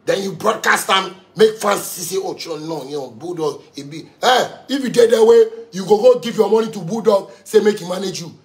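This man's high, gravelly voice carries a Ghanaian accent as he launches into an angry rant. He curses at his audience and keeps repeating himself to drive the point in, sounding heated and profane.

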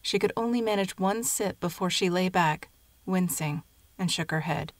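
Low, measured woman narrator. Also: no room sound. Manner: measured, even storytelling. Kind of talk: scripted narration of a short story.

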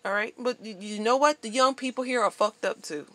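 A woman vlogger venting to camera in a blunt, profane, animated monologue. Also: a little high, fairly quick.

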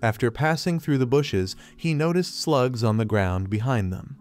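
A man narrating a manga recap in a flat, retelling manner, recounting each scene in reported speech. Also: mid-range voice, normal speed. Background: faint music.

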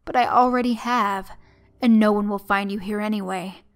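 A woman voicing a towering sadistic male monster who taunts slowly and mockingly. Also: medium pitch, fairly even intonation, close to an everyday voice. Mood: taunting. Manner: slow, mocking and nonchalant.

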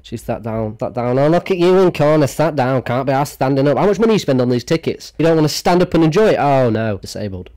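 A man's voice: mid-range voice, animated, fast, hardly any pauses, darkish tone. A young man doing sarcastic, swearing comedic commentary on a clip. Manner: sarcastic, swearing, laughing often. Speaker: video commentator.

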